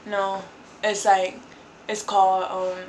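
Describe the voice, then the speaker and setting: A woman vlogger speaks casually, wandering through her story with many "like"s and "um"s. Her delivery stays fairly flat at a mid pitch. The room adds a clear echo over faint background ambience. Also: slow, a little hiss or hum. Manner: rambling, filler-heavy with frequent "like" and "um".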